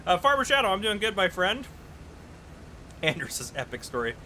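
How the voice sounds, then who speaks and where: A man's voice: high-pitched, sing-song, normal speed, sharp tone, a little hiss or hum, low-quality recording. A man chatting casually on a live gaming stream, telling stories, reading chat aloud and laughing often.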